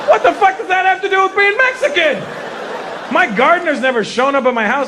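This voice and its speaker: A man's voice: very high-pitched, expressive, brisk, noisy background. A man in his fifties from Canada doing a brash stand-up set, teasing the crowd and slipping into voices. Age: 50s. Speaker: stand-up comedian. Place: large live venue. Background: faint audience laughter.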